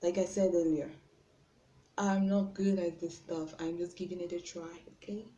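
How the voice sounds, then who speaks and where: A young woman with a Nigerian accent chatting through a makeup tutorial at home, self-conscious and often trailing off softly. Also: lowish voice, level tone, normal speed, dull audio. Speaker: beauty vlogger. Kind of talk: casual makeup tutorial chat. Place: room at home. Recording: roomy with faint background noise.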